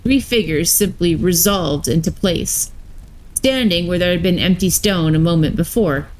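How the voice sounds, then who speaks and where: A woman streamer reading a story aloud live, slow and measured, with brief asides to her chat. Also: on the low side, poor audio.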